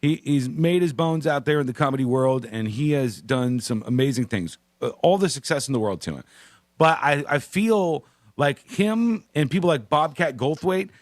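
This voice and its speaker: A man's voice: fairly high pitch, lively intonation, normal speed, no room sound. A man hosting a radio show, chatting casually, laughing and doing mocking impressions into a studio microphone.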